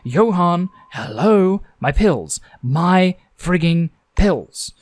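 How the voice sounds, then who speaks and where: A man's voice: huge pitch swings, moderate pace, no echo. A man putting on a nagging, fed-up woman. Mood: exasperated. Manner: shrill, exasperated scolding. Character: nagging frustrated middle-aged woman.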